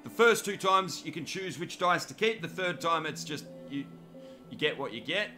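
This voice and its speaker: Australian male streamer, fairly high pitch, bright forceful tone, cheeky live game commentary. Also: expressive, moderate pace, soft background music. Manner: cheeky, joking, chats to viewers by name. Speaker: gaming commentator.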